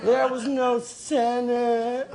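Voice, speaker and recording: An actor playing a drunk, rambling uncle who rants that the old days were better, in a TV comedy sketch. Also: male voice, very high-pitched, flat delivery, extremely slow, heavily acted. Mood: grumbling. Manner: slurred, rambling, ranting about the old days. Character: drunk grumbling nostalgic middle-aged male uncle. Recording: played-back TV clip with loud hiss.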